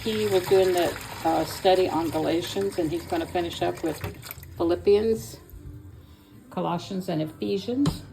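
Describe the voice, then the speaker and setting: A woman's voice: lowish voice, moderate pace, creaky, over music. An older woman from Kentucky with an Appalachian Southern accent, chatting casually and a bit out of breath as she walks her yard and cooks in her kitchen. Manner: homey, rambling, talks while walking and cooking. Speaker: home vlogger. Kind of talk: casual chat. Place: yard, then home kitchen.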